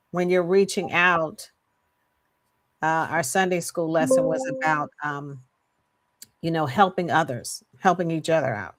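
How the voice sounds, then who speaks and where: Low-voiced reflective woman co-host. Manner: reflective, frequent affirming murmurs. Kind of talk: casual faith-based chat.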